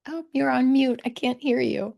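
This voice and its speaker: A woman teaching English pronunciation on a video call, encouraging learners and modeling words slowly. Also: sits high, gravelly, darkish tone. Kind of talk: online English class coaching.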